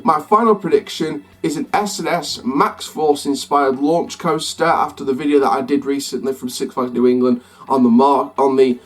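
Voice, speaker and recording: A man's voice: medium pitch, fairly even intonation, normal speed, hardly any pauses. Rambling man vlogging theme park picks. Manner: rambling, self-correcting, upbeat sign-off. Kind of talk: casual prediction vlog. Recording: slightly distant mic, faint music behind.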